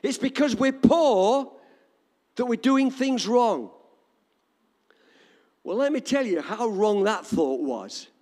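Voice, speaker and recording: A man's voice: very high-pitched, animated, slow, long pauses, a little mellow, long reverb tail. An older man with an English accent preaching a sermon in an emphatic, repetitive cadence. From England.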